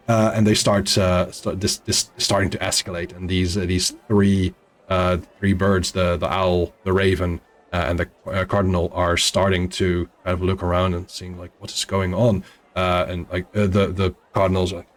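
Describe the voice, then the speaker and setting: A man narrating a tabletop game as game master, halting and full of restarts. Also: low voice, little pitch movement.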